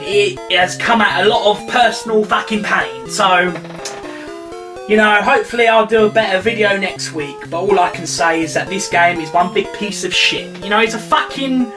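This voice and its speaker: A man hosting a let's play, swearing non-stop and ranting and shouting at the game as he plays. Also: high voice, normal speed, far from the mic. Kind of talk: frustrated gameplay commentary. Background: retro game music.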